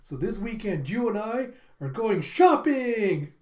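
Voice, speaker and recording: Brief: pushy lovestruck rich girl, high and loud; a reader doing the voice, roomy echo. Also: measured pace. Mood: bossy. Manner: excited and bossy, pitched up.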